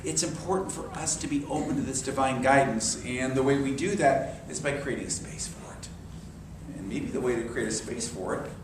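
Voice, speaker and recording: A man leading a sermon-style class in a church, telling stories with lively quoted voices. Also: mid-range voice, moderate pace, noisy background. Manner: animated storyteller, acts out quoted voices. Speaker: minister. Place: church hall. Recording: echoey hall from far off.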